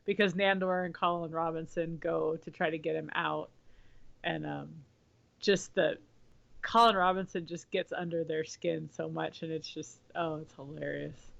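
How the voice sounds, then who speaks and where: A woman co-hosting a podcast, chatting casually and haltingly, repeating words as she goes. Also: sits low, gravelly, fairly bright tone, lo-fi sound. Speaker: podcast co-host. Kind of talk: casual chat.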